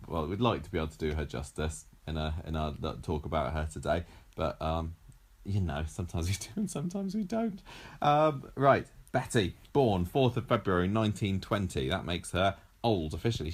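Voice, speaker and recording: A man's voice: low-pitched, breathy edge. A man co-hosting a podcast in casual, joking chat, reading facts from his notes. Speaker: podcast co-host.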